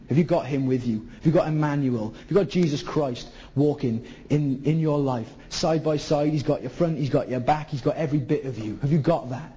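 A man from Zimbabwe delivers an impassioned sermon and presses his listeners with question after question. His voice sits a little high but sounds warm and soft-edged. The recording is muffled and lo-fi. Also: moderate pace. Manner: impassioned, pleading rhetorical questions. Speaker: preacher. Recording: dull lo-fi recording.

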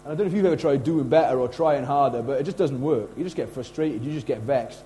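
A middle-aged man preaching a sermon in a casual, animated way, slipping into acted quotes. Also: mid-range voice, fast talker, a little hiss or hum, low-quality recording. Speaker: pastor.

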